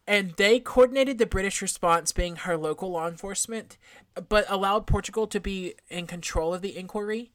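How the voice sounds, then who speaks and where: A woman's voice: medium pitch, moderate pace, dry recording, studio quality. A woman co-hosting a true crime podcast, going through the case with casual swearing. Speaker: podcast co-host.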